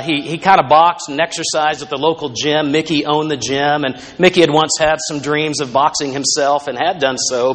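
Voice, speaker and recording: A man's voice: a little high, a bit bright. A male pastor preaching a sermon in a conversational, storytelling way, with asides to the congregation.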